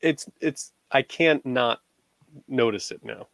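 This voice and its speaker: A man in his thirties talks in a relaxed, rambling way, full of fillers and restarts. His voice has a gravelly, fried edge. The recording is dry and close, with no room sound. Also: medium pitch, slow pace, no echo. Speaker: podcast co-host. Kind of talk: casual chat.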